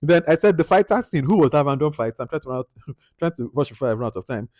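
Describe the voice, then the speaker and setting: Fast-talking man reviewing films. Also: on the high side, no echo, clean studio sound. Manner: animated, exasperated, acts out his own reactions. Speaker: film reviewer. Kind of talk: casual movie review monologue.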